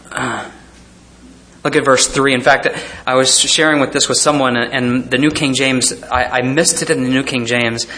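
In a bright, forceful mid-range voice, a male pastor reads scripture during his sermon. He chuckles frequently as he imagines the scenes, and his delivery is full of hesitant fillers and restarts.

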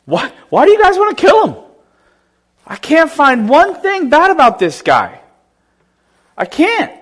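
A pastor acting out an exasperated Roman governor, high-pitched and pleading. The voice rises sharply with incredulity as it protests, retold within a sermon. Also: male voice, huge pitch swings, unhurried, fairly bright tone, exaggerated voice.

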